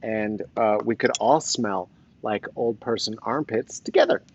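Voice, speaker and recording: A man's voice: lowish voice, measured pace, a little mellow, slight background noise. A man with a Colorado accent and traces of the East Coast, hosting a casual livestream with playful, rambling, jokey asides. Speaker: host. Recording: slightly dull lo-fi sound.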